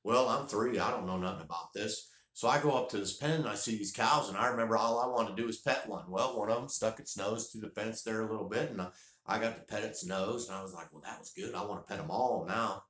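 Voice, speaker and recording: Man, fifties, folksy rambling storyteller, low voice, echoey room. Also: fast. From North Carolina. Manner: folksy, rambling, repeats words when excited. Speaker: vlogger. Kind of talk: casual storytelling.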